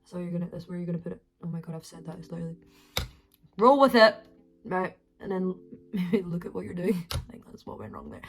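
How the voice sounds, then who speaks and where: A woman with a Scottish accent giving a chaotic, sweary makeup tutorial at home, with sudden soft muttered asides. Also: fairly low pitch, fast talker, breathy edge, soft background music. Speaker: beauty vlogger. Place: her flat at home.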